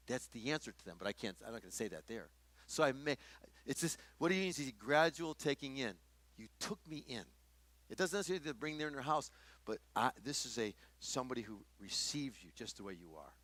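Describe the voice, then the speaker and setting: A man's voice: medium pitch, animated, quick pace, fairly bright tone. A middle-aged man teaching a workshop in a conversational sermon style, often restarting his sentences. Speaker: workshop speaker.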